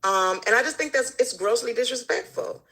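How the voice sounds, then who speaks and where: A woman's voice: a little high, brisk, bright, forceful tone, rough recording. A woman guest in casual conversation, telling stories animatedly and acting out the people she quotes. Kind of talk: casual chat.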